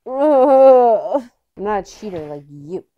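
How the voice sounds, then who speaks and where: A woman's voice: mid-range voice, sing-song, slow, phone-quality sound. A woman co-hosting a casual simulator golf session, playful and teasing, joking to her viewers as she plays. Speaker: co-host playing simulator golf. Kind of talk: casual banter over a game. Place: indoor golf simulator room.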